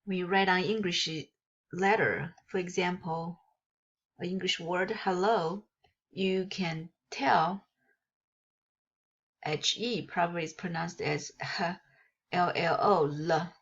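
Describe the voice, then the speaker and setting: A woman whose first language is Mandarin Chinese, teaching a lesson and explaining in halting phrases that she often corrects mid-sentence. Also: fairly low pitch, a bit bright, husky. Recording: dull lo-fi recording.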